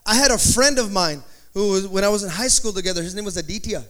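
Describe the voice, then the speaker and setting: A pastor preaching a sermon in an animated, conversational way, with joking asides. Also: male voice, high-pitched, fast talker. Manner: slips into playful put-on accents in quotes.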